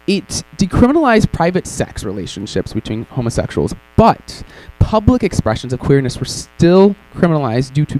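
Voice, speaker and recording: A man's voice: medium pitch, gravelly, warm tone, rough recording. A man presenting a workshop session in a casual, irreverent way, with joking asides and frequent ums. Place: conference session room.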